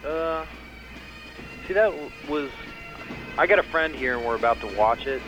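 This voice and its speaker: A man's voice: fairly high pitch, lively intonation, normal speed, highs cut off, music in the background. Hesitant male radio caller. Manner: hesitant, out of touch. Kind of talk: phone call-in.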